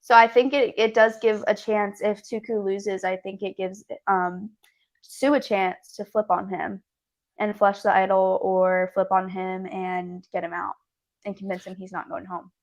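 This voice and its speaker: A woman's voice: mid-range voice, flat delivery, a little slow. A young woman co-hosting a podcast, talking casually and thoughtfully, often hedging with "I think.". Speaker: podcast co-host. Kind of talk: casual chat.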